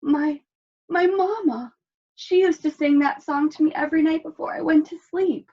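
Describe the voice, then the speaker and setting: A woman putting on a sly, hungry male wolf from a storybook, all oily charm and quiet menace. The voice sits somewhat high and comes through a dull, lo-fi recording. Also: fairly even intonation, moderate pace, lightly acted. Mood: sentimental.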